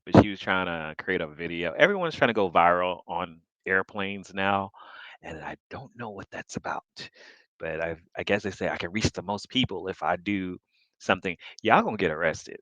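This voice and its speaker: A man's voice: deep voice, animated, moderate pace, a bit bright, no echo, lo-fi sound. A man chatting casually, wondering aloud and musing about things. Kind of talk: casual chat.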